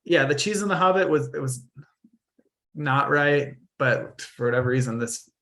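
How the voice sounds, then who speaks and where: A man co-hosting a podcast in casual chat, laid-back and quick to laugh. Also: medium pitch, lively intonation, creaky, a bit bright. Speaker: podcast co-host.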